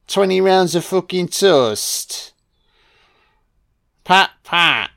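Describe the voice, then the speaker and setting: Here a man with a fairly high pitch speaks at a measured pace, roasting a film with sarcastic, expletive-laden jokes. His deadpan delivery keeps the humor dry.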